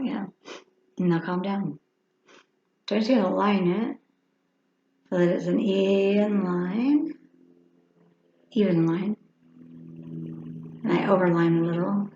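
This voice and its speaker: Chatty gravelly woman over fifty. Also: lowish voice, steady tone, moderate pace, pauses often, mellow. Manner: chatty, rambling, self-talking while applying makeup. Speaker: makeup vlogger. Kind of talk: casual makeup tutorial. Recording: echoey room, dull lo-fi sound.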